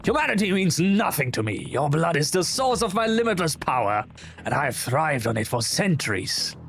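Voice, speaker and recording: A man voicing a grandiose, pompous immortal vampire in a slow, theatrical game voice. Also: on the high side, very animated, creaky, fairly bright tone, heavily acted.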